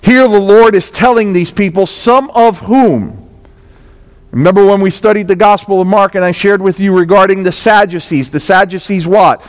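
High-voiced New York preacher in a reverberant hall. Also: male voice, moderate pace. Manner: conversational preaching, dramatized quotes, rising intensity. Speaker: pastor. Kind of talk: sermon.

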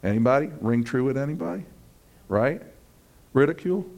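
A male pastor preaching a sermon in an animated way, acting out the voices of friends and building to loud peaks. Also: mid-range voice, fairly quick, creaky.

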